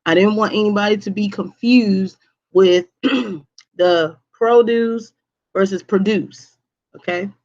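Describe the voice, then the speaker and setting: A woman's voice: medium pitch, measured pace, a little mellow, lo-fi sound. A woman teacher giving a live online lesson to her students, repeating key points and checking in with "okay?". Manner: repetitive, emphatic, checks in with "okay?".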